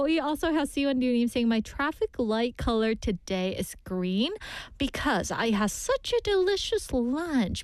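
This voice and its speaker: A young woman hosting a radio show, chatting brightly and reading out listener messages. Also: on the high side, clear, resonant tone, no echo. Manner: bubbly, gasping and laughing, switches into Korean.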